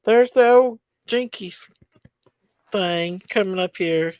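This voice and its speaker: A woman's voice: medium pitch, slow, a little mellow, clean tone, no room sound, clean studio sound. A woman hosting a casual livestream, chatty and emotional as she greets viewers by name. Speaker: livestream host. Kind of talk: casual livestream chat reading comments.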